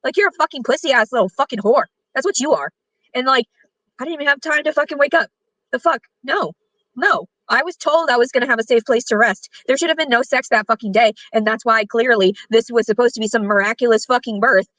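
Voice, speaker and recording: A woman's voice: a little high, a little fast, fairly bright tone, dry recording, low-quality recording. Profane, agitated woman ranting. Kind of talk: angry rant to camera.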